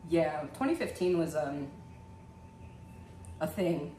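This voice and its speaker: A woman's voice: low-pitched, expressive, slow, mellow, reverberant, recorded from a distance, slight background noise. A young woman hosting a casual comedic reaction to comments, blunt and laughing often.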